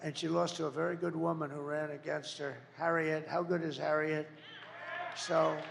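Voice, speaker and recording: Gravelly man giving a rally speech. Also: sits high, fairly bright tone, big-room sound, a little hiss or hum. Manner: rambling, repetitive, jabbing with insults and asides. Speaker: political candidate at a campaign rally. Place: large campaign event venue.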